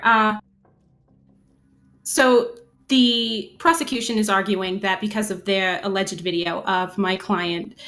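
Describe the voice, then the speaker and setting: A woman's voice: mid-range voice, a bit bright. A woman playing a defense lawyer in a tabletop role-play, speaking hesitantly with stammering restarts. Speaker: player.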